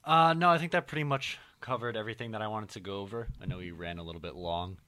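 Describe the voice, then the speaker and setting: A man's voice: fairly low pitch, fast, sharp tone, no room sound. A man co-hosting a casual sports podcast, easygoing and a little hesitant. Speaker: podcast co-host.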